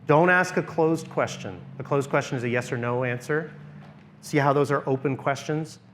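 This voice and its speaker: A middle-aged man presenting a church workshop in a conversational teaching style. He often checks in with the group and drops into a soft, low voice to model what to say. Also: moderate pace, slight background noise.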